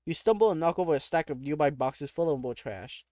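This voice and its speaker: A man's voice: a little high, expressive, a little fast, a little mellow, no room sound, clean studio sound. A man playing a text adventure, reading the game text aloud and reacting casually, laughing often and breaking off with startled exclamations.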